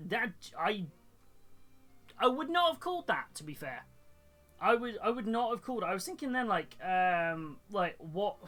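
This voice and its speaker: Building models during a live stream, a man who streams the hobby and sells kits chats loosely in a bright, slightly high voice. His talk is rambling and chatty, full of fillers and restarts.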